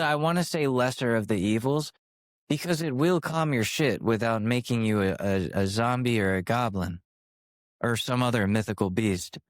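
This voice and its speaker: A young man with a mid-pitched voice recorded dry and close to the mic. He tells a personal story as a podcast host, swearing freely and mocking himself. He wanders from tangent to tangent before coming back to the point. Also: dry recording. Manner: profane, rambling, self-mocking; jumps from sidetrack to sidetrack. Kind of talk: candid storytelling rant.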